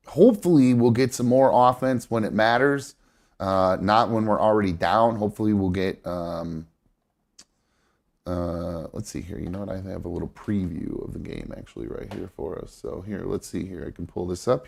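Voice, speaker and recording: A man's voice: fairly low pitch, gravelly, darkish tone. A man hosting a live show, chatting casually about baseball with lots of fillers and restarts, his nose stuffed up. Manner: rambling, many fillers and self-corrections. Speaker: host.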